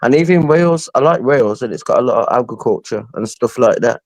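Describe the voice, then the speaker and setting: A man's voice: medium pitch, lively intonation, fast talker, dry recording, poor audio. A man, hosting a heated casual debate, arguing hard and leaning on slang like innit. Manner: argumentative, slangy, keeps saying innit. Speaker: host. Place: call room.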